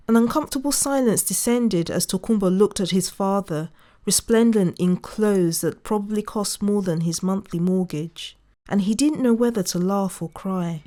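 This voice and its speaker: A woman narrating a short story in an even, measured manner. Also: mid-range voice. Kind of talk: reading a short story aloud.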